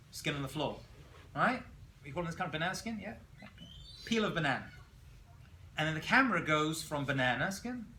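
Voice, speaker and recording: A man teaching a class as a rabbi, telling jokes and stories in an animated way and throwing questions at his students. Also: a little high, slight background noise. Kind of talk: classroom lecture.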